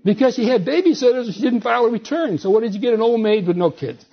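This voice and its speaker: An older man, an author, giving a lecture full of wry, folksy anecdotes in a husky voice. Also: extremely high pitch, fast. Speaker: speaker and author. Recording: dull lo-fi recording.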